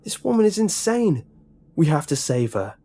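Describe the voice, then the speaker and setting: A man's voice: on the high side, big pitch swings, normal speed, dark tone, voice pushed up. A man voicing a frightened teenage schoolboy who talks in urgent, breathless bursts. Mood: desperate.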